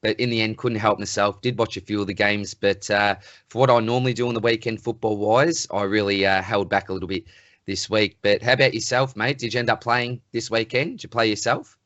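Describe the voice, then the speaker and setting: A man's voice: on the low side, steady tone, a little fast, fairly bright tone, no room sound. An Australian man co-hosting a podcast, talking in an easygoing way and chuckling often. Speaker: podcast co-host; school teacher. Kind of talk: casual chat. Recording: dry, muffled lo-fi audio.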